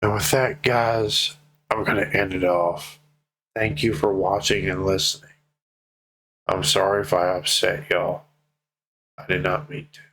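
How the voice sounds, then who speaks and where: A man's voice: sits low, flat delivery, unhurried, pauses often, fairly bright tone, slight background noise. A young man speaking to his viewers in a personal vlog update, emotional, heartfelt and casual, with some swearing. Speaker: vlogger.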